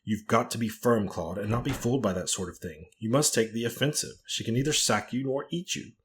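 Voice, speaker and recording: A man putting on a forceful, indignant middle-aged woman. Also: mid-range voice, animated, brisk, lightly acted. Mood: forcible. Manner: insistent and forcible.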